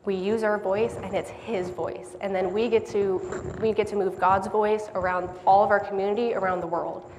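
A woman giving a sermon in a church hall, earnest and quick to laugh at herself. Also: medium pitch, fairly even intonation, a little mellow, slight background noise. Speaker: lay speaker giving a church message. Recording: long hall reverb, faint background ambience.

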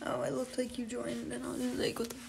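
A young woman with a New Jersey accent chats on a phone livestream from her room, teasing and quick with filler words. Her voice sits a little high, and the home recording carries a clear layer of background noise. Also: monotone. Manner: chatty, teasing, says "like" often. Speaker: livestream host. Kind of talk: casual livestream chat. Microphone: phone camera. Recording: noisy phone livestream audio.

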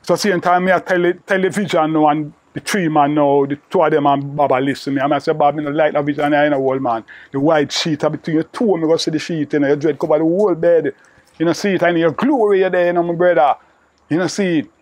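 A man's voice: on the high side, steady tone, fast talker, darkish tone, no room sound. An older man with a Jamaican patois accent, telling a long, rambling story to an interviewer and filling it with "you know". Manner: repetitive, peppered with "you know". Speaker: interviewee recalling old friend.

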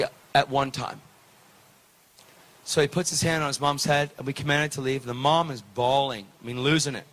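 A man preaching, telling a story with lively, preacherly delivery and acted-out dialogue. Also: a little high. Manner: animated, preacherly, acts out dialogue. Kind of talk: sermon storytelling.

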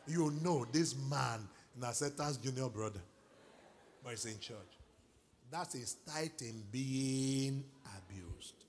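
A middle-aged Nigerian man preaching a sermon as pastor, moving from quiet asides to loud exhortation and calling for responses. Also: medium pitch, expressive, slow pace, a little hiss or hum. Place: large church hall.

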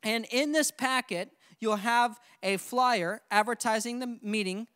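A young adult man leading a church training seminar, coaching his audience with lively call-and-response. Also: very high-pitched, a little slow, clean tone, dry recording, clean studio sound. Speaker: seminar presenter.

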